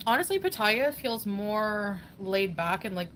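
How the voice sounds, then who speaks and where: A woman's voice: mid-range voice, animated, slow pace, a bit bright, a little hiss or hum, low-quality recording. A woman chatting casually on a live stream, giggling often and reading out viewer comments. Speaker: travel vlogger on a live stream.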